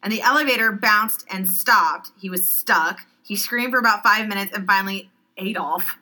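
Woman cohost w a bright sharp voice, blunt, sarcastic, swears a lot. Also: medium pitch, moderate pace, rough recording. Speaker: podcast co-host. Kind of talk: casual chat.

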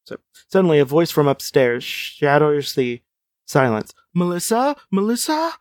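A man's voice: fairly high pitch, measured pace, no room sound. A man reading a choose-your-own-adventure book aloud, with playful asides, frequent laughs and casual chat. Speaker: reader of a gamebook.

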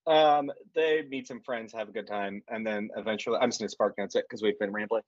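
A man's voice: fairly low pitch, steady tone, fairly quick, few pauses, no room sound. A man co-hosting a podcast, recapping a movie in a rambling, jokey, profane way. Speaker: podcast co-host. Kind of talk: casual comedic movie recap. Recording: dry, muffled lo-fi call audio.

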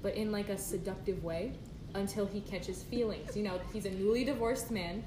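A woman's voice: mid-range voice, normal speed. Playful young woman in an echoey room. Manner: playful, laughing, scheming storyteller. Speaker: podcast co-host, student technical director. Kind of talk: casual chat. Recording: echoey room, noisy, no microphone.

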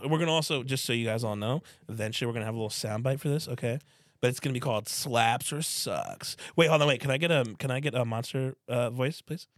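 A young man co-hosting a podcast, joking and swearing casually in relaxed chat. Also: mid-range voice, no echo, clean studio sound. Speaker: podcast co-host.

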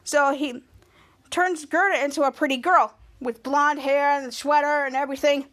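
A woman's voice: high-pitched, steady tone, normal speed, a bit bright. A woman podcast host recapping a TV episode in a chatty, rambling storytelling way.

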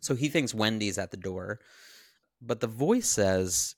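Male podcast co-host with a low voice, lively storyteller who acts out the characters' dialogue, dry sound. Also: unhurried, no echo. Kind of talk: casual chat, retelling a film.

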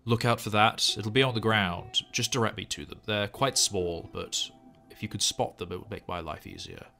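A man voicing a dry, matter-of-fact clawed creature who knows herbs, speaking slowly and low. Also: expressive, vocal fry, sharp tone, full character voice. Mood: instructive. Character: dry knowing male herbalist creature with claws.

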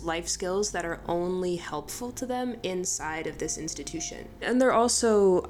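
A woman co-host thinking aloud thoughtfully, building her point slowly. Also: lowish voice, slight background noise. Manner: thoughtful, searching, slow build. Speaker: podcast co-host. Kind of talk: reflective commentary.

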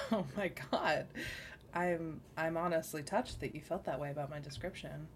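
A woman's voice: sits low, a little hiss or hum. Giggly woman co-host, playful chat. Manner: giggly, playful, quick asides. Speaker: podcast co-host. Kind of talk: casual movie podcast chat.

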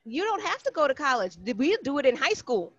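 A woman co-hosting a podcast in relaxed casual chat, explaining and backing up her co-host. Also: sits high, brisk, dry recording, muffled recording.

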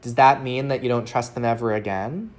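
On her own show, a woman with a low, grounded, somewhat dark voice gives relationship advice in a steady tone. She coaches earnestly and often pauses to pose rhetorical questions to the listener, all as solo advice talk.

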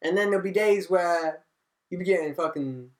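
A guest in a casual chat, animated and laughing, swearing freely and acting out their own reactions. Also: mid-range voice, normal speed.

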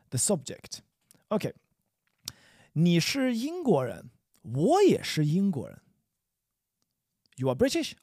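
A man's voice: a little high, a little mellow, breathy edge, dry recording, studio quality. A man teaching a language lesson in a casual, upbeat way with chatty joking asides.

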